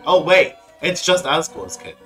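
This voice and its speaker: A streamer voicing a loud, brash monster police chief from a video game, barking at a kid with punchy energy. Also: mid-range voice, sing-song, unhurried, soft background music. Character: brash tough fish-woman police chief.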